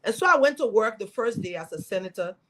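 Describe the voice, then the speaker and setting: A middle-aged woman from Liberia speaking, a guest in an interview telling her story as a former senator with lively, preaching energy. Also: a little high, quick pace, poor audio. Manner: animated, preaching storytelling with acted quotes.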